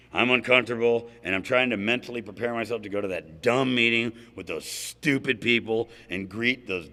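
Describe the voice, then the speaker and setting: A man telling his recovery story to a meeting, talking casually with lots of "right?" and "man", building to emotional loud bursts. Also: medium pitch. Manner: emotional, swelling to loud outbursts; conversational, peppered with "right?" and "man". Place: large meeting hall. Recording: long hall reverb.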